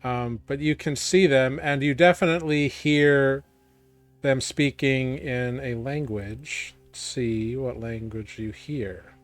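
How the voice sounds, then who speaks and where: A man narrating as game master in a tabletop game, describing scenes in a halting way full of fillers. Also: medium pitch, fairly even intonation, soft background music.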